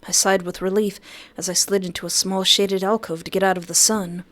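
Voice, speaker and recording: A woman's voice: medium pitch, fairly quick. A woman playing a horror visual novel, reading the text aloud and reacting in a jokey, dramatic way. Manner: animated, jokey, dramatic outbursts.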